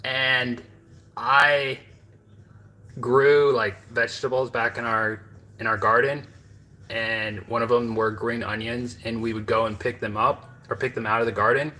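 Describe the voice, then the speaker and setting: A man's voice: mid-range voice, level tone, a little slow, sharp tone, low-quality recording. A man from the American Midwest, chatting casually to his viewers from his home kitchen, rambling with lots of fillers and asides. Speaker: home cooking vlogger.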